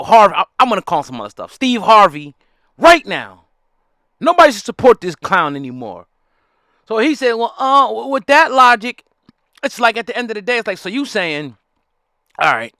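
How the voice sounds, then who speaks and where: Fired-up man ranting, high lively voice. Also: normal speed, no echo, studio quality. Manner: fiery, repetitive, preachy, addresses the audience directly. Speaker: commentary host. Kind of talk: heated ranting commentary.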